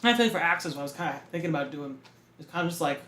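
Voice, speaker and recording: A young man from Massachusetts with a light Boston accent, co-hosting a casual podcast and planning out loud with lots of fillers. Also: a little high, lively intonation. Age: young adult. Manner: quick, filler-heavy planning talk. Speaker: podcast co-host. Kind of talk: casual chat. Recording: echoey room.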